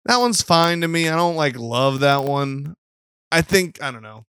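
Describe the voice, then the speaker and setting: A man's voice: on the high side, lively intonation, a little slow, fairly bright tone, clean tone, dry recording, clean studio sound. A young man co-hosting a casual film podcast, rambling and laid-back, laughing often and swearing casually. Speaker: podcast co-host.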